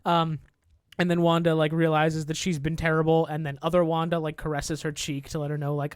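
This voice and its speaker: A man's voice: fairly high pitch, completely flat delivery, a little fast, clear, resonant tone, no room sound, studio quality. A man co-hosting a podcast, retelling a film's plot in casual chat, swearing often and acting out the characters' lines. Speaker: podcast co-host. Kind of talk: casual recap of a film plot.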